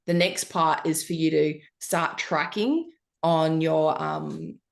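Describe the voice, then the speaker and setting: A woman coaching a client one on one, upbeat and encouraging. Her voice sits a little low, and she talks in a loose, chatty way full of fillers. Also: slow, gravelly. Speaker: business coach.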